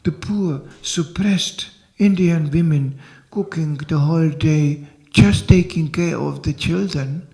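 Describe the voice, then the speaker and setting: An older monk giving a temple lecture, telling stories in an animated, chuckling way. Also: male voice, fairly high pitch, slow, vocal fry, hardly any pauses. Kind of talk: sermon with storytelling.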